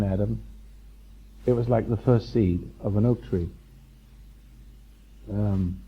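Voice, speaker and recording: A man's voice: medium pitch, vocal fry, slightly rough. A man giving a live spiritual lecture to a seminar audience, rambling and repeating himself, chuckling and teasing the listeners. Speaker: seminar speaker. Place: hotel function room before a live audience. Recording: dull lo-fi 1990s seminar tape.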